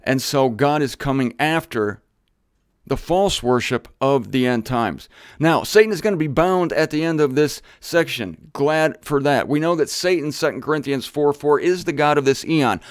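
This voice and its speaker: A man's voice: mid-range voice, clear, resonant tone, no room sound. A man giving an informal Bible teaching in a studio, with joking asides and rhetorical questions to his audience. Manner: hurried near the end. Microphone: studio camera setup.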